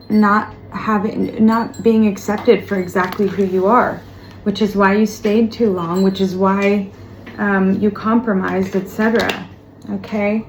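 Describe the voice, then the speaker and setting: A woman giving a tarot reading straight to the viewer, talking gently and reassuringly and repeating words for emphasis. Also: mid-range voice. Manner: speaks of spiritual guidance. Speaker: tarot reader. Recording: roomy echo, faint background noise.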